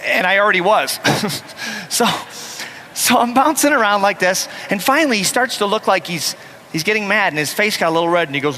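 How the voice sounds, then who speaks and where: A man giving a motivational keynote, telling a story with lively acted-out voices. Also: high-pitched, brisk, slight background noise. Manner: animated, acts out the voices in his story. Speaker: motivational speaker. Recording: echoey hall with faint ambience.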